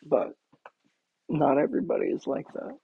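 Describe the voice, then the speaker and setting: A man's voice: on the high side, wildly swooping pitch, moderate pace, vocal fry, phone-quality sound, slight background noise. A man hosting a talk show, rambling casually with many fillers and restarts. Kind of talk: casual monologue.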